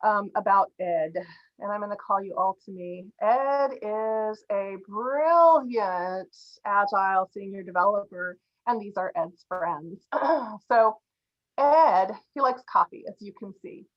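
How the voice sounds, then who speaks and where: A woman agile coach telling a story to a group in an animated way, laughing now and then. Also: medium pitch, takes it slowly, highs cut off.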